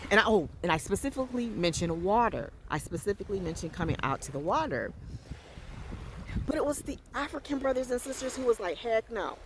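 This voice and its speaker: A faith vlogger talks into a handheld phone outdoors by the water, in a rambling, emphatic way with lots of fillers and restarts. Faint outdoor water ambience hums behind the voice. The pitch sits in a middle range. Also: sing-song, a little fast, slight background noise. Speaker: vlogger sharing faith experiences. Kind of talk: casual faith talk vlog.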